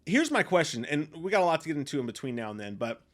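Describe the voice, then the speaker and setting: Young male host, casual spoiler review, slightly high voice, profane and emphatic with big swings in loudness. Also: sing-song, fast talker. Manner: emphatic, profane, swings from loud outbursts to low mutters.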